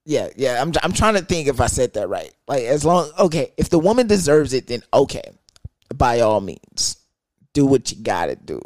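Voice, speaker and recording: Animated young man telling a story. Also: mid-range voice, normal speed, no room sound, clean studio sound. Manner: animated, profane, rambling with restarts. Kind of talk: casual storytime.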